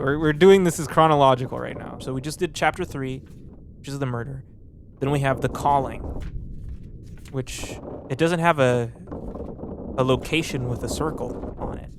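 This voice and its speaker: A man's voice: mid-range voice, creaky. Rambling young man commentating a game. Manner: rambling, thinks aloud with many fillers and restarts. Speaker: gameplay commentator. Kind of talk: casual let's play commentary. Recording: background noise under the voice.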